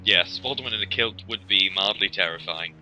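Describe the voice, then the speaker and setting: A man's voice: low-pitched, brisk, sharp tone, a little hiss or hum, rough recording. A man hosting a casual let's-play, rambling and joking with plenty of ums. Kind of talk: casual gameplay commentary.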